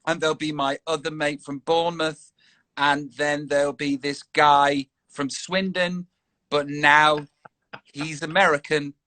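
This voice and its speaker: A man's voice: fairly high pitch, little pitch movement, a little slow, pushed and bright, no echo. A man from England, hosting a casual video-call chat in a rambling, jokey way. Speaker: host.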